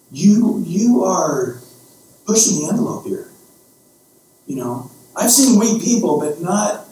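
A man's voice: a little high, a little mellow, a little hiss or hum. A man voicing a weary, sarcastic male God on a throne, exasperated and stammering, heard in a very echoey room from a distant mic.

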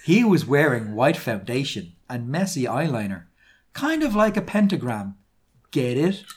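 A British comedy podcast co-host gives a lively, dramatic reading of fan fiction, complete with silly put-on quotes. His mid-range voice runs a little slow, and there's a bit of hiss or hum in the recording.

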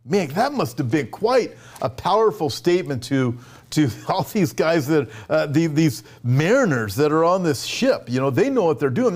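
A male pastor preaching a sermon, retelling scripture in a conversational, animated way with frequent asides. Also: mid-range voice.

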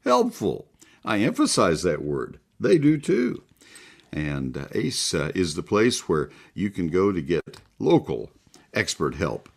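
This is a man hosting a call-in gardening show on the radio. He, a notably low voice and an easygoing, folksy delivery with fillers. He chats his way through listings and sponsor reads. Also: huge pitch swings, measured pace, vocal fry, breathy edge. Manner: folksy, chatty, with frequent filler ums. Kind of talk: live call-in radio talk with read ads.

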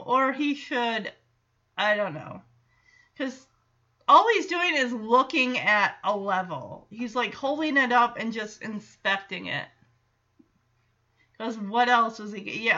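A woman podcast host recaps an episode in a loose, chatty way, exclaiming and rambling with fillers. Her voice is bright and pitched a bit high. The sound is dull and lo-fi.

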